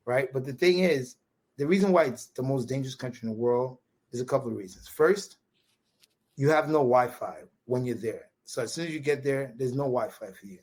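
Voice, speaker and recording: A man from Brooklyn with a New York accent, a podcast guest telling a story in an animated, casual way and often tagging his sentences with "right?". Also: medium pitch, brisk. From Brooklyn, USA. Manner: animated, repetitive restarts, quotes dialogue with "right?" tags.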